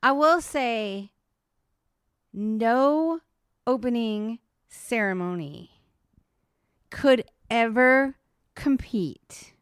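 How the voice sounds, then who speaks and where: A woman co-hosting a podcast from home, telling a story in a casual, animated way, peppered with "like" and swearing. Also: on the high side, very slow, pauses often, smooth, dry recording, studio quality. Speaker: podcast co-host. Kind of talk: casual chat.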